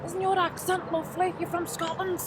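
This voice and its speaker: A comic presenter uses a very high-pitched, flat, brisk voice to play a gossipy Scouse woman pushing a shopping trolley. On a city street with traffic noise, her chatty, rambling Liverpool character keeps butting into a comedy sketch with her own stories.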